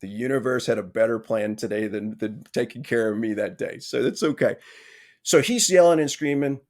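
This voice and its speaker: Guy on a podcast telling a long story, keeps saying "right?", self-mocking, medium pitch. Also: normal speed. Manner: lively, frequent "right?" asides, restarts; exasperated self-mocking humor. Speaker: podcast guest. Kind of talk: casual storytelling anecdote.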